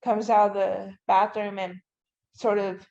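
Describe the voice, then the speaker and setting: Woman with a gravelly fry in her voice, talks it all through step by step, dull lo-fi sound. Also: medium pitch, level tone, measured pace, a little mellow. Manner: tells the story in detail, often using "you know" and "I'm like". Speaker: podcast guest. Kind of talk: emotional personal account. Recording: dull, lo-fi audio.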